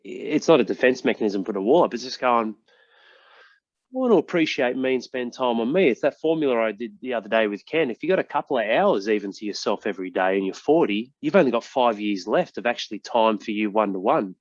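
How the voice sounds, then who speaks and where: A man's voice: on the low side, lively intonation, fast talker, hardly any pauses, lo-fi sound. A man hosting a casual podcast interview, talking emphatically, swearing now and then and calling his guest mate. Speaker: podcast host.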